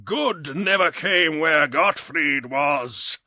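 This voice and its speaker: A tough old crusader knight speaks in slow, emphatic oaths, put on by a British man reading a storybook. His voice is bright and a touch husky, rising and falling widely. The sound is dry and close. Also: on the high side, animated, no room sound, heavily acted. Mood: hearty.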